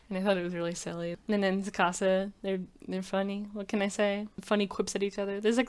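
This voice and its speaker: A woman's voice: medium pitch, a little mellow. A woman rambling casually in a commentary video, filling her talk with frequent "like"s. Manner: rambling, heavy use of "like" fillers. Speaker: video creator.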